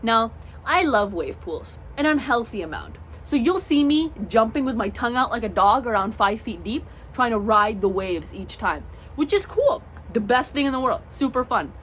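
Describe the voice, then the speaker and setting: A young woman telling a storytime vlog story in an animated way, acting out the voices of the people in it. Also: fairly high pitch, normal speed, a little hiss or hum. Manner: animated, acts out voices in her stories. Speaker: vlogger.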